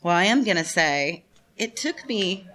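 A woman's voice: lowish voice, lively intonation, unhurried, sharp tone. A woman in her fifties giving a frank, personal testimony to a group at a recovery meeting, talking straight to the room, swearing and laughing often. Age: 50s. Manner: addresses the room directly. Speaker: speaker sharing at a recovery meeting.

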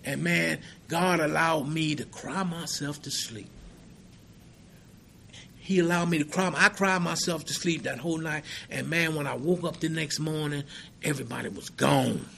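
A man's voice: a little high, moderate pace, creaky, bright, forceful tone, a little hiss or hum. A middle-aged man sharing his recovery story at a meeting, earnest and emphatic, with many asides of "man" and "right?". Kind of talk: personal recovery testimony.

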